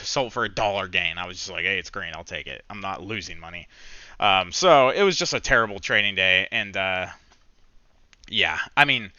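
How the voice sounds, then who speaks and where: A man's voice: mid-range voice, pushed and bright, clear, resonant tone, no room sound, highs cut off. A man recapping his own trading day, candid, rambling, self-critical and swearing freely as he walks through his losses. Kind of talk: casual screen-share trading recap.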